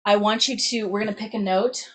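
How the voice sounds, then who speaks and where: A woman's voice: medium pitch, steady tone, fairly quick, heavy background noise. A young adult woman teaching a singing lesson, upbeat and demonstrative, checking in with "right?" after nearly every phrase. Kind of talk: vocal lesson to camera.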